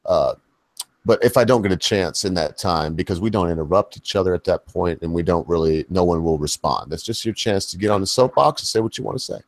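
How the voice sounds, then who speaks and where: A man's voice: deep voice, brisk, no room sound. A man hosting a casual panel chat, rambling and folksy, often correcting himself mid-sentence. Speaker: host.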